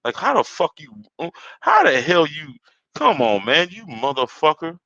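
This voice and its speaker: A man's voice: a little high, huge pitch swings, a little slow, gravelly, pushed and bright, dry recording. A Caribbean-born man hosting a solo podcast, ranting heatedly with constant swearing and rambling repeats. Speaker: podcast host. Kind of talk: profane solo rant. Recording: dull lo-fi dry recording.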